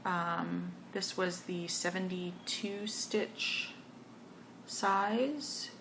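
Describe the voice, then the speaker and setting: Chatty woman with a gravelly edge. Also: on the low side, steady tone, drawn-out words, noisy background. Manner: chatty, rambling, self-correcting. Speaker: knitting podcast host. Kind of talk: casual show-and-tell chat.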